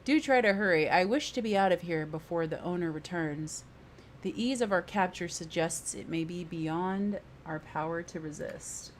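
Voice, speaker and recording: A woman's voice: on the low side, fairly even intonation, measured pace, hardly any pauses, slight background noise, close to an everyday voice. A woman voicing a stern adult woman adventurer in a put-on British accent, reading game dialogue in a formal, declamatory way. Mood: resolute.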